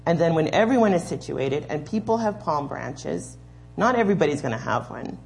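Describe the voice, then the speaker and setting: A woman's voice: deep voice, expressive, moderate pace, gravelly, a little mellow. A woman leading a children's sermon in a church, patiently explaining and giving step-by-step instructions. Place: church sanctuary.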